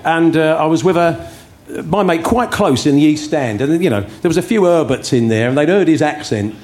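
Man, London accent, fairly high voice, animated storyteller. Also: moderate pace. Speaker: podcast co-host. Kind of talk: anecdote on live podcast.

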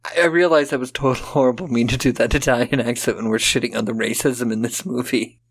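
A man's voice: mid-range voice, steady tone, quick pace, slightly rough. A man co-hosting a podcast, casually and sarcastically recapping a film and acting out lines in silly voices. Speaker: podcast co-host. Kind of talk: casual movie-recap chat.

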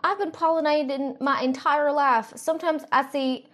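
A woman's voice: high-pitched, fairly even intonation, moderate pace, fairly bright tone, voice pushed up. A woman playing a brash, blunt conservative aunt arguing at family dinner, scoffing.

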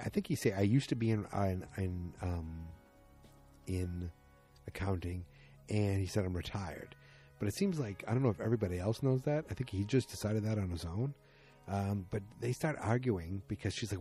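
A man's voice: fairly low pitch, mellow, breathy edge. A man casually recapping a TV episode at home, rambling and acting out the characters' lines in a raised voice. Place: at home with the episode playing behind.

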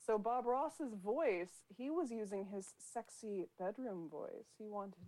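A woman's voice: medium pitch, expressive, takes it slowly, warm tone, low-quality recording. A woman hosting a casual chat, explaining each topic to the group. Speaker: host.

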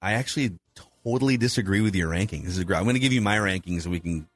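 Man, host, casual sports talk, analytical, lowish voice, faint music bed. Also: racing, no echo. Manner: analytical, runs polls and asks questions. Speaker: podcast host.

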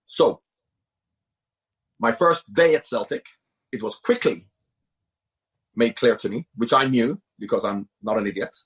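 A man's voice: mid-range voice, lively intonation, a little slow, pauses often. A middle-aged man, a former football manager, talking at length as an interview guest, emphatic and repeating himself for stress. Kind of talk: casual interview talk.

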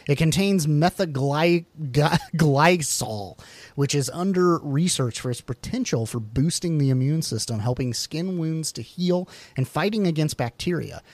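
A man's voice: on the high side, animated, measured pace, darkish tone, no echo. Man, podcast co-host, reads facts, quips between them, dry close sound. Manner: jokey asides while reading, stumbles on words. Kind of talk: casual chat, reading facts aloud.

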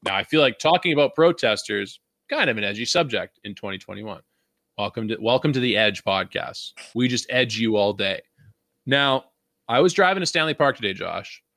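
A man's voice: mid-range voice, lively intonation, normal speed, pushed and bright, dry recording, studio quality. A young man from Vancouver hosting a podcast, ranting in a casual, profane, rambling way and laughing often. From Vancouver, Canada. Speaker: podcast host.

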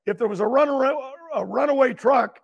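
An older man, a guest, telling long rambling stories that keep restarting, with frequent throat clearing. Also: very high voice, a little fast, muffled recording. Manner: loose, meandering, keeps restarting and clearing his throat. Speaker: guest, racing driver. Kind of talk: rambling storytelling.

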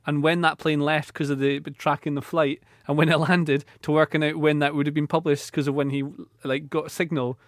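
Male panelist, quick and animated, slightly high voice, dry mic. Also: no echo. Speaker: podcast panelist. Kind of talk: casual football analysis chat.

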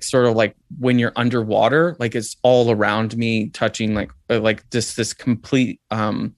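Male guest, mid-pitch, dry close sound, reflective storytelling with frequent fillers. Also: a bit bright, dry recording. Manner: reflective, lots of "like" and "um". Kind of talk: telling a personal story.

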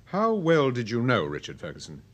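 An urbane detective, calm, probing, husky, lively pitch, radio drama. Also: male voice, brisk. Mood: cool. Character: cool-headed male amateur detective, urbane and dry.

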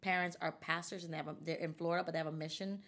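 A woman with a fairly low voice tells a personal story in a relaxed interview. She talks animatedly and slips into the voices of the people she quotes. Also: rapid-fire. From United States. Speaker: guest. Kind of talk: conversational storytelling.

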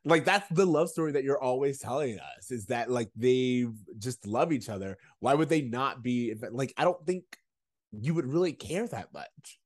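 Male podcast co-host, casual recap chat, lively up-and-down delivery, acts out lines from the show. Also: mid-range voice, normal speed. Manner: animated, acts out quotes.

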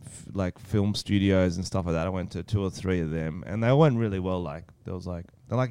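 A low-pitched Australian man in his thirties trades crude jokes on a podcast, laughing often. His voice is smooth and resonant, and the recording is close and dry, with no room sound. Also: brisk, hardly any pauses, dark tone, no echo. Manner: banter with swearing and frequent laughter. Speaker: podcast co-host. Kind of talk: casual chat.

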